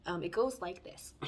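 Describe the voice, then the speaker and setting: A woman's voice: on the low side, breathy edge. A woman giving a casual spoken tarot reading, talking in a frank, blunt and heartfelt way. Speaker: tarot reader.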